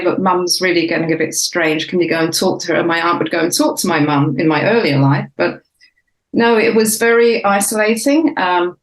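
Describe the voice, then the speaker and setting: Author guest, woman, 60s, faded Cockney accent, mid pitch, thoughtful with lots of fillers, echoey room. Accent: English, faded Cockney. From Southeast London, England. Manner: reflective, many fillers and restarts. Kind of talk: casual interview talk.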